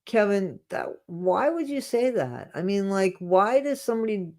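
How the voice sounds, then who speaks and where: A livestream host reading viewer comments in a casual chat, blunt and full of restarts, swinging between quiet mumbling and loud ranting. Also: mid-range voice, big pitch swings, moderate pace.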